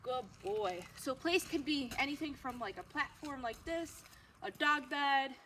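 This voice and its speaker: A woman dog trainer explaining a training demonstration in a friendly way, breaking into high-pitched, excited praise for the dog. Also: measured pace. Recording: noisy background ambience.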